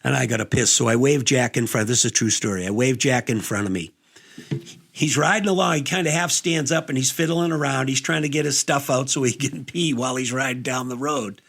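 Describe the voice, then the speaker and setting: A man's voice: mid-range voice, brisk, creaky, fairly bright tone, husky. Profane rambling male storyteller. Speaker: guest host. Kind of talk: casual podcast chat.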